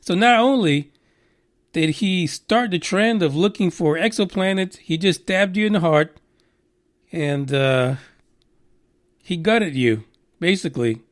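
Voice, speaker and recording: A man with a high voice hosts a news podcast. He rants with blunt sarcasm and heavy swearing. His commentary is loose and mocking. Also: lively intonation, a little slow, long pauses. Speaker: podcast host.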